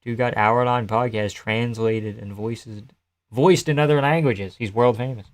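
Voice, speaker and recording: A man's voice: medium pitch, a little slow. Male streamer, mid-range voice, rambling offhand chat with viewers, swears now and then. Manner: loose, rambling, profane, answers chat messages. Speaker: live streamer. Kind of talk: casual live-stream chat reacting to a fight card.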